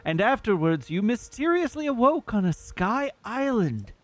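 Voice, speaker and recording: A man's voice: sits high, big pitch swings, moderate pace, no echo. A man reading game dialogue aloud in his own voice as an earnest, formal fish-prince who speaks with courtly politeness. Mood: concerned.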